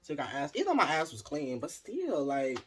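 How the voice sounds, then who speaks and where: A man vlogging a casual storytime, talking straight to his viewers in a lively, chatty way. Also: fairly high pitch, a little fast. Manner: animated, chatty, addresses viewers directly.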